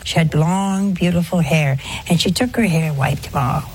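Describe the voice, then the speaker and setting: An older woman giving a conversational religious talk, folksy and gently humorous, full of rhetorical questions. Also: low voice, normal speed, slight background noise. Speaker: religious speaker. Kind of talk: talk to an audience on confession.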